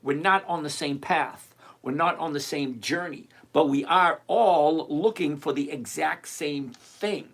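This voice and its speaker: A man's voice: on the high side, unhurried, a bit bright. An older retired man hosting a live stream, chatting casually and emphatically as he answers viewers by name. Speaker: livestream host answering viewer questions.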